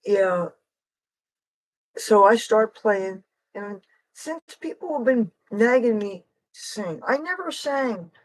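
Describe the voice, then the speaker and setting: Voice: mid-range voice, animated, slow, a little mellow, poor audio. Rambling, digressive livestream chatter. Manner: rambling and digressive, jumps between topics. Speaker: livestream host and street guitarist. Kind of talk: casual rambling livestream chat.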